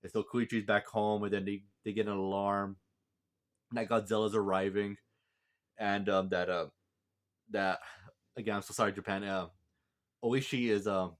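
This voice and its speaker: A man's voice: fairly low pitch, little pitch movement, normal speed, long pauses. A man casually reviewing a movie, rambling with lots of fillers and restarts. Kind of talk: casual film review vlog.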